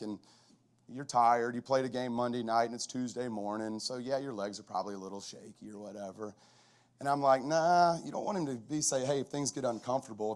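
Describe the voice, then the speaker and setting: A middle-aged man with a mid-range voice, who coaches football, gives a chapel talk built on conversational storytelling. It's lively and full of restarts.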